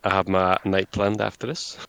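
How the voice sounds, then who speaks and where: A man's voice: low-pitched, monotone, moderate pace, gravelly, a bit bright, smooth, no echo. A young man telling dry, joking stories to friends before a tabletop game, heard over a voice call. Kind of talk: casual chat before a game.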